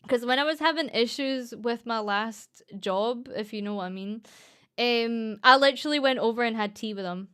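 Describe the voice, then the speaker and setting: A woman's voice: fairly high pitch, fairly bright tone, smooth. A young Scottish woman streamer rambling through a casual story with lots of fillers and giggles. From Scotland. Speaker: streamer and voice actress.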